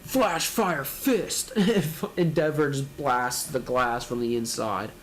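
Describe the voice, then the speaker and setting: A man's voice: mid-range voice, takes it slowly, a little hiss or hum. A man reading a manga chapter aloud and reacting, narrating panels casually and laughing often.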